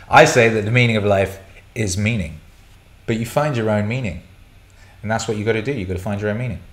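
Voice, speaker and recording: A man's voice: fairly low pitch, moderate pace, long pauses, fairly bright tone. A middle-aged man hosting a casual livestream Q&A, blunt and sweary as he rants and answers chat questions. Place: indoor room. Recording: roomy echo.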